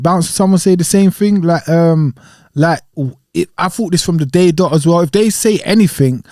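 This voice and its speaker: High-voiced man, relaxed slangy chat. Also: no room sound, studio quality. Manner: slangy, laid-back, laughs easily. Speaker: podcast guest. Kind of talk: casual chat.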